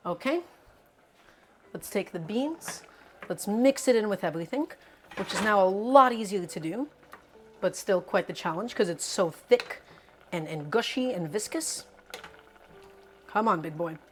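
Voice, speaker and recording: A woman talks casually as she cooks at her stove at home, upbeat and chatty, turning often to greet and answer her viewers. Her pitch sits in the middle range. A faint room ambience hums softly behind her voice. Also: lively intonation, unhurried, long pauses, a little hiss or hum. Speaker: cooking streamer. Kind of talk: casual live cooking chat.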